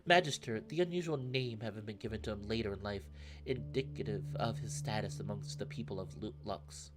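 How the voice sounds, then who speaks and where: A man reading a visual novel aloud in steady narration, breaking into excited asides. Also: fairly low pitch, a little fast. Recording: narration over loud game music. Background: background music.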